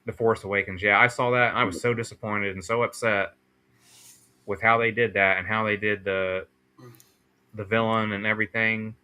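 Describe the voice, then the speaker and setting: A man's voice: lowish voice, flat delivery, normal speed, pushed and bright, clear, resonant tone. A man co-hosting a podcast, chatting in an easygoing way and often ending sentences with "man". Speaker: podcast co-host. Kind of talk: casual chat.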